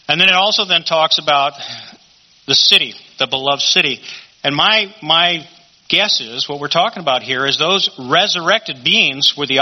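Conversational man teaching scripture, lo-fi. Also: on the high side. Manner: conversational, asks rhetorical questions. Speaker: Bible teacher. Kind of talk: sermon. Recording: dull lo-fi recording.

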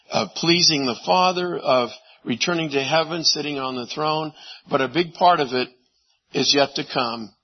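A man preaching a sermon, animated, swinging from loud exclamations to hushed asides. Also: a little high, breathy edge, dull audio. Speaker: pastor.

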